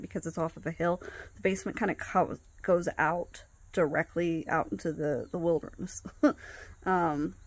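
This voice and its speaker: A woman telling a personal story in a casual, halting way, with many pauses and restarts. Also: on the low side, slightly rough. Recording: faint background noise.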